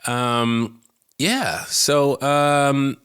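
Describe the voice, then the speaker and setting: A man's voice: medium pitch, fairly even intonation, drawn-out words, a bit bright, smooth, no room sound, clean studio sound. A man in his forties co-hosting a podcast, chatting casually, laughing often and reading out listener comments. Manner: easygoing, laughs often, hums along. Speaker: podcast co-host.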